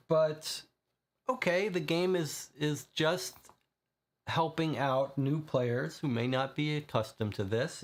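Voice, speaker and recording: A man reading a gamebook aloud to viewers and explaining his choices as he goes. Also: medium pitch. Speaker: player and reader of a gamebook. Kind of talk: reading a game aloud with commentary.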